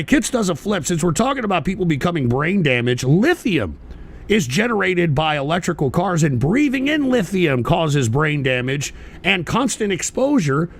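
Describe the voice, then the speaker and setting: Gravelly, high-pitched ranting man. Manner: profane, combative, shouting bursts. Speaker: livestream radio show host. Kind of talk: angry ranting commentary, reading chat.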